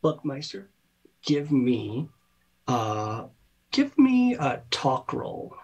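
A man narrating a tabletop game as game master, relaxed and halting with many fillers. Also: medium pitch, breathy edge, highs cut off.

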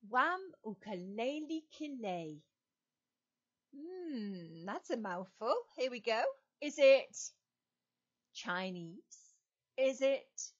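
An English woman leads a children's Sunday school lesson at a very slow, deliberate pace, her fairly high voice swooping up and down in a sing-song way. Her tone is a little husky, and the dull, lo-fi sound of a home video recording sits over it. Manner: slow, sing-song quizzing with exaggerated rises.

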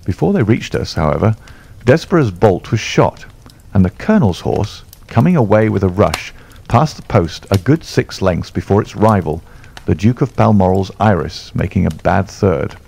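A man reading a classic story aloud as an audiobook narrator, in an expressive, measured manner. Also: sits low, gravelly, husky. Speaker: audiobook reader.

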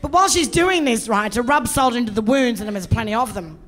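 A middle-aged Australian woman doing stand-up, telling a story in a brash, profane, animated way. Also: fairly high pitch, fairly quick. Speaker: stand-up comedian.

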